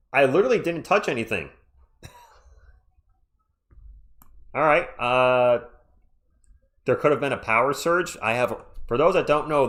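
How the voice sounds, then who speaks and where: Male home-streamer commentator, mid pitch, calls plays with excited bursts and chats with viewers in between. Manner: excitable, chatty, jumps between game calls and asides to chat. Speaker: livestream play-by-play commentator. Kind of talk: live fan play-by-play commentary. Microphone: own microphone.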